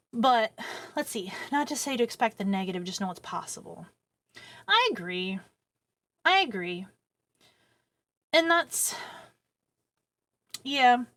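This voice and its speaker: A woman chats on a late-night livestream from her home setup, rambling loosely and swearing without a second thought. Her voice sits a little high and bounces widely in pitch, speaking close into a boom arm mic. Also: a bit bright. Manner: rambling, chatty, swears casually. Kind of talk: casual late-night stream chat.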